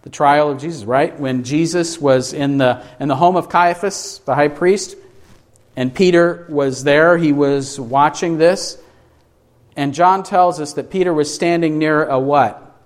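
Man, preacher; higher-pitched, unhurried, emphatic sermon delivery with rhetorical questions. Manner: asks the congregation rhetorical questions and answers them.

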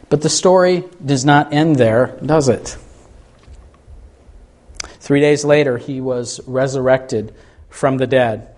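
A man's voice: mid-range voice, a little mellow. A man preaching a sermon, speaking earnestly and reading scripture with dramatic emphasis.

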